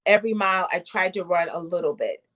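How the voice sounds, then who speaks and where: A woman hosting a casual video-call conversation, chatty and animated as she tells stories. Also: fairly low pitch, quick pace. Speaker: host.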